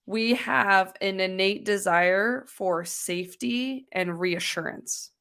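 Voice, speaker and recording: A woman's voice: medium pitch, slow pace, fairly bright tone. A woman co-hosting a casual talk, speaking in an earnest, reflective way with some hedging. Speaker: co-host. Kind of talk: casual discussion.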